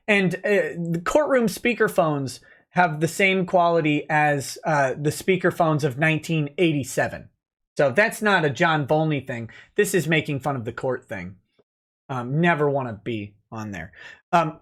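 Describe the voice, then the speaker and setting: A man's voice: fairly high pitch, a bit bright. Man, livestream host, sardonic mocking commentary, chatty with lots of fillers.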